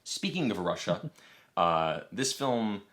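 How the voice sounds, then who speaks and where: A man with a very low, deep voice talks through a casual podcast discussion. He explains at a measured pace and turns questions over to his co-hosts. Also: big pitch swings, a bit bright. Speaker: podcast host.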